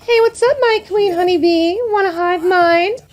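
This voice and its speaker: A woman's voice: very high voice, normal speed, pitched above the performer's own voice. A woman voicing a laid-back, spacey young male stoner from a game. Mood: mellow.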